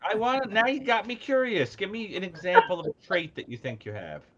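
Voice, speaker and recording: A man's voice: high-pitched, big pitch swings, fairly quick, dull audio, a loud crowd. A man chatting playfully on a call-in show, teasing the caller and laughing easily. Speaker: podcast guest. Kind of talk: casual call-in chat.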